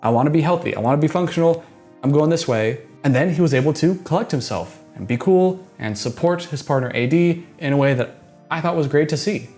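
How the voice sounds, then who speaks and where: A man giving casual, earnest commentary on a reality show clip, analytical and quick to restart his sentences. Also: medium pitch, a little mellow. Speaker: reaction commentator.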